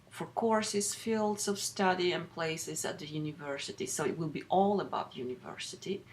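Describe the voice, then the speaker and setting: A middle-aged woman teaching a recorded French lesson, explaining patiently with many pauses and restarts. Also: low voice, slight background noise. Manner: explains slowly with frequent fillers and restarts. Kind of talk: recorded lecture overview.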